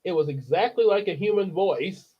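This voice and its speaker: A man's voice: high-pitched, slightly rough, highs cut off. A man reading a children's novel aloud in a casual way, with chatty asides to his listeners. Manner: chatty asides, laughing, unhurried. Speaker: storyteller. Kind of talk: casual storybook read-aloud.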